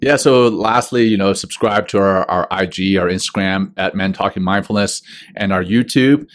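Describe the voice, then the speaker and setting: A man's voice: low voice, normal speed. A man co-hosting a podcast, upbeat and chatty as he runs through the show's announcements. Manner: upbeat, plugs the show's channels. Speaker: podcast co-host. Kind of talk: casual podcast chat with show announcements.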